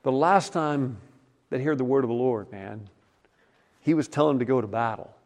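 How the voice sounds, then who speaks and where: A man preaching a sermon as a pastor, retelling stories in a casual, conversational way and often dropping to a soft hush. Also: mid-range voice, normal speed.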